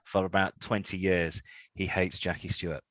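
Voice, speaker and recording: A man's voice: sits low, flat delivery, moderate pace, fairly bright tone, no room sound, rough recording. A man co-hosting a casual show, reading news aloud with mocking asides and laughter. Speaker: podcast co-host.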